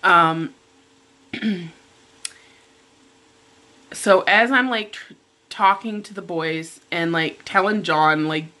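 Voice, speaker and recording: Bright-voiced middle-aged woman telling a story. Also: fairly low pitch, slow. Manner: animated retelling, acting out her own quoted lines. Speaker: mukbang vlogger. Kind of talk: storytime chat over breakfast.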